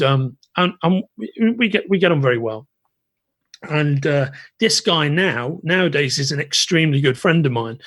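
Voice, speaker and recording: A British man hosting a podcast, telling a long anecdote in an animated way with lots of restarts. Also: medium pitch, dry recording. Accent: British English. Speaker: podcast host. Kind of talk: casual storytelling chat.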